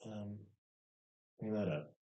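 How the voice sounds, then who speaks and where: Low-voiced man mumbling through a poker stream. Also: roomy sound, highs cut off. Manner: halting, thinking aloud with many ums, mutters quietly. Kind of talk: casual commentary while playing online poker.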